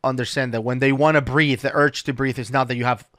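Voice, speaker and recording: A man's voice: mid-range voice, fairly even intonation, fast talker, a bit bright, no room sound. A man hosts a casual dive talk with an ordinary mid-range voice. He walks through ideas patiently, checking in with "right?" as he goes. The sound is dry and close. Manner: patient, explains step by step with lots of "right?". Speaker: dive instructor and podcast host. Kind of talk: casual explanatory chat.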